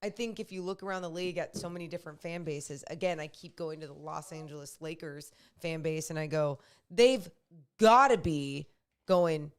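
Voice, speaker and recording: A woman co-hosting a casual sports live stream, teasing and animated, quick to exclaim. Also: low-pitched, clear, resonant tone. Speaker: podcast co-host.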